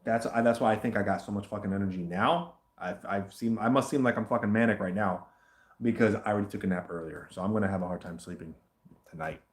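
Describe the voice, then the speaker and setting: A man chatting casually as the host of a livestream question session, rambling, animated and swearing often. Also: lowish voice, fast, echoey room. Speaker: host answering viewer questions.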